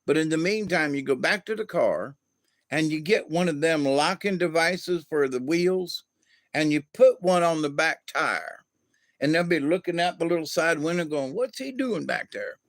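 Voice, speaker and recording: A man giving an opinionated monologue, talking slowly and deliberately and acting out quoted dialogue. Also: fairly high pitch, fairly bright tone, dry recording, clean studio sound. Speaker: video host.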